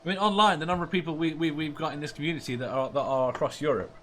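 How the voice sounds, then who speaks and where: A man's voice: on the high side, rapid-fire, fairly bright tone, a little hiss or hum. A man hosting a casual podcast chat, reading listener comments aloud and laughing often. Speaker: podcast host.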